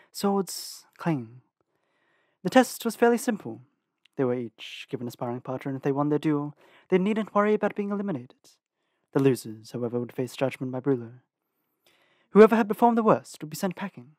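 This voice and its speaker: A man narrating an audiobook with an expressive reading and lively shifts in pitch. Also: no room sound, studio quality. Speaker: audiobook reader.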